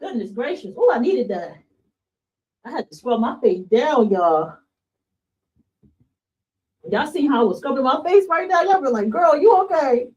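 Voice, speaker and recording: High-voiced, impassioned woman livestream host. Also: sing-song, a little slow, long pauses, darkish tone, far from the mic, highs cut off. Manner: impassioned, blunt, swears, addresses viewers as y'all. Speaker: podcast host. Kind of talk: livestream monologue to chat.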